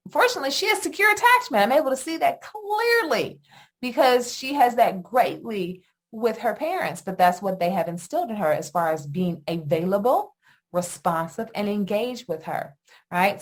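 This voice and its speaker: A middle-aged woman hosting a solo podcast on attachment, talking in an animated, emphatic way with lots of rhetorical questions. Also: mid-range voice, moderate pace. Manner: animated, emphatic, often asks "guess what" and "right?". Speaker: podcast host, attachment educator.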